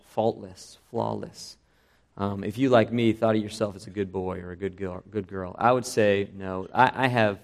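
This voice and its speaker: A man's voice: on the low side, gravelly. A middle-aged man preaching a sermon, earnest and conversational, checking in with the congregation before reading scripture aloud. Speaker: pastor.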